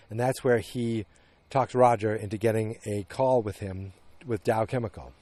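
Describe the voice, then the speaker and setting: A man hosting a podcast, casually recapping a TV episode in a rambling, animated way. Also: on the low side, moderate pace, few pauses. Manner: rambling, animated retelling with acted quotes. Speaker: podcast host.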